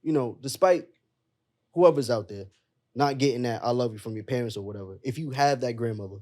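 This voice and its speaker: A man's voice: medium pitch, brisk, a little mellow. A young adult man, a podcast guest, telling a personal story in an emotional, earnest way and calling his friends bro. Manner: emotional and earnest, calls the listener bro often.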